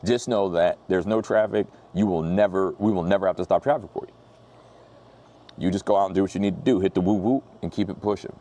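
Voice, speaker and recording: A man preaching in a relaxed, slang-heavy, storytelling way, getting lively when he retells conversations. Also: low-pitched, brisk. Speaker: pastor. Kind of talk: casual sermon storytelling.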